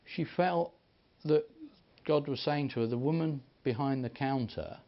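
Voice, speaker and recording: A man preaching, telling stories in an animated way and acting out the people he quotes. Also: mid-range voice, a little slow. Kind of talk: sermon storytelling. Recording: dull lo-fi recording.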